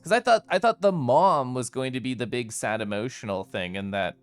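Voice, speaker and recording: A man's voice: mid-range voice, fairly quick, smooth, faint music behind. A man streaming a story game live, reflecting on the plot and greeting chat in a chatty, thoughtful way.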